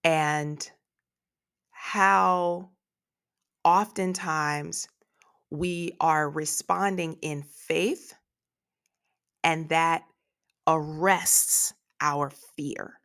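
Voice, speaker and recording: Woman, podcast preacher, slow unhurried delivery, lowish voice, tearful, prays aloud. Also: lively intonation, gravelly, fairly bright tone. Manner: slow, emotional, prays aloud between points. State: tearful, emotional. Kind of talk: devotional sermon podcast.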